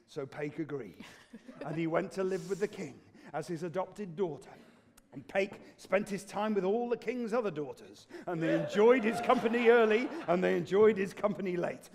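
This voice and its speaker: British English storyteller man, very high voice, dramatic and playful live telling. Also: normal speed. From Britain. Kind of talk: live folk-tale storytelling.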